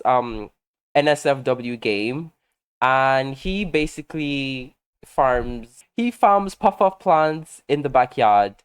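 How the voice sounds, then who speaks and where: A man talking casually over his gameplay, telling gossipy stories in a sassy, animated way and laughing often. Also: fairly high pitch, clean tone. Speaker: game content creator.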